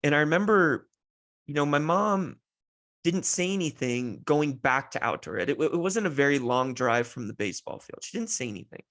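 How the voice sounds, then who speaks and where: A man's voice: a little high, expressive, moderate pace, fairly bright tone. A man in his thirties hosting a podcast, telling a heartfelt personal story in a rambling way with many restarts, sounding close to tears. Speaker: podcast host.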